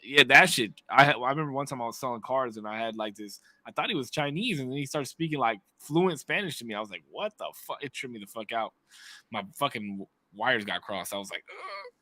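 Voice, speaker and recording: A man co-hosting a casual podcast, excitable and emphatic, swearing and repeating himself for effect. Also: medium pitch, fast, no room sound. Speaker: podcast co-host.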